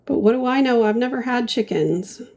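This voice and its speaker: A woman's voice: fairly high pitch, fairly quick, darkish tone. A woman chatting playfully with her viewers, answering their comments as she paints on a livestream. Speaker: livestream host. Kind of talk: casual chat while painting live.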